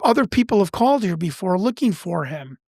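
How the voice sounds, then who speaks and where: A man's voice: high voice, sing-song, fairly quick, creaky, a little mellow, no room sound, studio quality, full character voice. A man voicing a polite, helpful elderly woman on the phone, with a hesitant, chatty manner.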